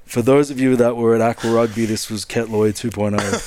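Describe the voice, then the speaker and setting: A man's voice: medium pitch, steady tone, a little fast, a little mellow. A man co-hosting a podcast, chatting casually, laughing often and swearing freely. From Australia. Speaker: podcast co-host. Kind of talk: casual chat.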